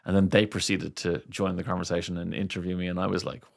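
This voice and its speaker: A man's voice: deep voice, fast talker, creaky. A middle-aged Irish man, a radio presenter, telling stories animatedly in a casual interview. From Ireland. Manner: animated storyteller, acts out quoted voices.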